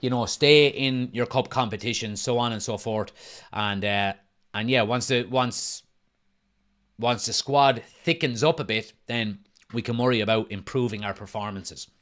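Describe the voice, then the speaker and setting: A man's voice: medium pitch, moderate pace, a bit bright. A man, hosting a casual football watch-along from his front room at home, chatting and reading out viewer comments. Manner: chatty, reads out viewer comments, laughs often. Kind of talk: casual live-stream chat.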